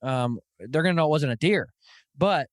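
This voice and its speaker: A man hosting a podcast, telling stories in an animated, casual way, full of "dude" and "like". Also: a little high, moderate pace, dry recording, clean studio sound. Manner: animated storytelling, lots of "dude" and "like". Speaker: podcast host. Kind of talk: casual chat.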